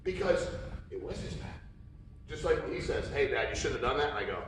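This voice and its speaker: A man's voice: on the high side, very fast, slight background noise. A man speaking at a conference, telling stories and acting out the voices of people in them. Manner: animated storyteller, acts out quotes. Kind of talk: storytelling keynote talk. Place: large conference hall. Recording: echoey hall from far off.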